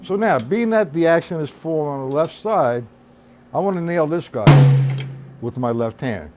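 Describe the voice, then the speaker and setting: A man's voice: fairly high pitch, expressive, normal speed, over loud music. A man teaching a drum lesson on a live stream, explaining accents and counting the beats aloud. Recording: loud drums behind the voice. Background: drum kit playing.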